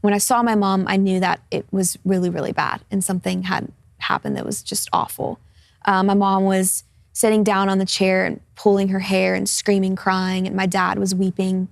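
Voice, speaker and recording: A woman in her twenties tells a personal testimony in a talk-show interview. Her mid-pitched voice has a gravelly fry at the ends of phrases. She speaks earnestly and casually, dotted with fillers, and the sound is dry and close. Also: level tone, normal speed, no echo. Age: 20s. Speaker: guest.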